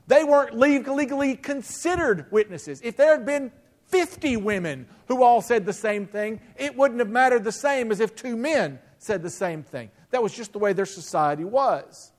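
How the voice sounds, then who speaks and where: A man's voice: very high-pitched, animated, normal speed. A middle-aged male pastor preaching a sermon in a conversational way, with rhetorical questions and frequent restarts.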